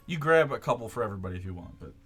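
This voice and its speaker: A man's voice: mid-range voice, sharp tone, husky. A man narrating a tabletop game as game master, laid-back and full of filler words.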